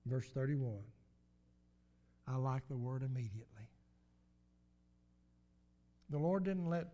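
A man's voice: a little high, mellow. A man preaching a sermon in an emphatic, repetitive cadence, with swells of volume.

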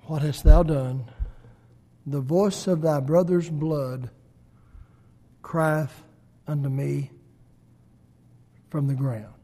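Man reading god as stern judge, solemn archaic proclaiming, slow measured pace. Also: on the high side, fairly even intonation, dark tone, exaggerated voice.

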